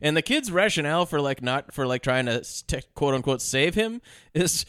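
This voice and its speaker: A man's voice: on the high side, animated, normal speed, fairly bright tone, clean tone, no room sound, clean studio sound. A man co-hosting a movie podcast in casual, jokey chat. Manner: jokey, slips into silly voices. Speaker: podcast co-host.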